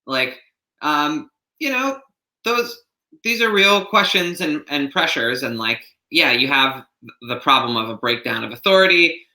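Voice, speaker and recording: Bright, rambling man in an echoey room. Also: a little high, animated, a little slow. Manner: rambling, filler-heavy, thinking aloud. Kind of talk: casual discussion. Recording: roomy echo.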